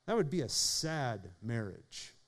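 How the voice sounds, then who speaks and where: A man preaching a sermon in an earnest way, speeding up and slowing down for emphasis and calling on listeners by name. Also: medium pitch, very animated. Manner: earnest preaching, shifting pace and volume for emphasis. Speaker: pastor.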